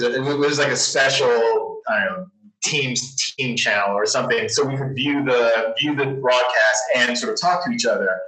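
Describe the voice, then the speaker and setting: Here a man's mid-range voice sounds pushed and bright. He's a newspaper journalist telling a rambling story in a relaxed interview, restarting often and laughing a lot, recorded on a roomy, far-off mic.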